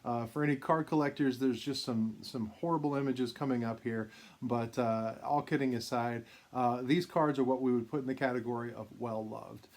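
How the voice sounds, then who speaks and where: A man's voice: medium pitch, fairly even intonation, normal speed, darkish tone. Man telling a rambling personal story. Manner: rambling, anecdotal, many fillers and restarts. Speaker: vintage card collector and channel host. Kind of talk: casual storytelling to camera.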